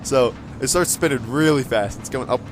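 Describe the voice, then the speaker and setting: A man's voice: medium pitch, normal speed, background noise. A man casually telling a rambling story with frequent chuckles and fillers, as a gaming channel host. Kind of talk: casual storytelling over gameplay.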